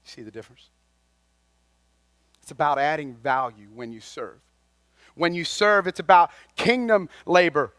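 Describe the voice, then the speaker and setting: Man, high voice, folksy chatty preacher, close dry sound, loud-to-hushed delivery. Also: lively intonation, unhurried, long pauses, no echo. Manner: folksy, conversational preaching that swings between loud and quiet. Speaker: lay speaker at a chapel. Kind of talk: sermon.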